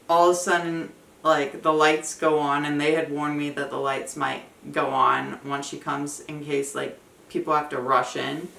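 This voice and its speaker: Young woman, casual vlog storyteller, chatty with lots of fillers; bright tone, echoey room. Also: deep voice, creaky, recorded from a distance. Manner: chatty, fillers of "like", emotional retelling. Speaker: vlogger. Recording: echoey room, voice a bit off-mic.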